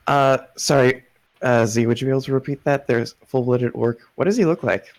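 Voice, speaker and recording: A man's voice: mid-range voice, brisk. A man playing a tabletop game, chatting casually and hesitantly, often trailing off. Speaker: player.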